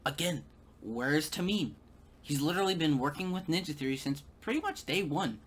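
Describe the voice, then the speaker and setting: A man's voice: fairly high pitch, very animated, normal speed, a bit bright, breathy edge. Sarcastic stammering male commentator. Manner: sarcastic, stammering, repeating words. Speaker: video commentator.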